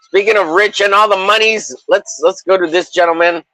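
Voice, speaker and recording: A man hosting a livestream, chatting casually in a rowdy, crude way, often shouting and teasing in mock-bullying banter. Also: sits high, steady tone, fairly quick, faint music behind, poor audio. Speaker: livestream host.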